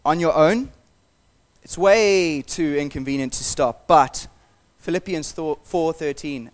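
A pastor delivers a sermon in a relaxed, conversational way, speaking earnestly at a measured pace and encouraging his listeners. His voice sits a little higher than most men's.

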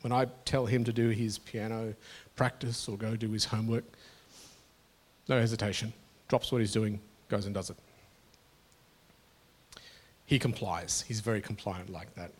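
A man's voice: on the low side, steady tone, normal speed, breathy edge. A middle-aged man preaching a sermon to his congregation in an earnest, conversational way, often restarting his phrases. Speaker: pastor.

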